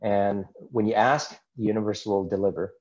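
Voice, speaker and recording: A man's voice: lowish voice, fairly even intonation, moderate pace, darkish tone, lo-fi sound, soft background music. A man, a podcast guest, earnestly telling a personal story in conversation and acting out his own inner dialogue.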